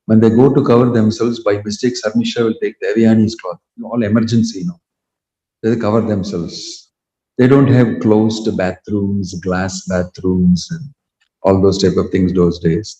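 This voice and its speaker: A man, a spiritual teacher narrating a sacred story in a lively way, with acted voices. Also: lowish voice, echoey room, in a large hall, muffled recording. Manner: animated storytelling with acted quotes. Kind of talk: sermon storytelling. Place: temple hall.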